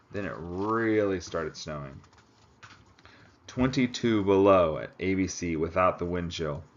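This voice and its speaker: A man reading aloud, voicing an exhausted male climber with frostbite who speaks bluntly with dark humor. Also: low voice, dull audio.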